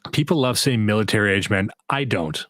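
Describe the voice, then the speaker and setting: A man's voice: on the low side, expressive, moderate pace, a bit bright, dry recording. Laid-back profane man on a dry mic. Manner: loose and profane, often laughing. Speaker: podcast co-host. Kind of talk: casual podcast chat.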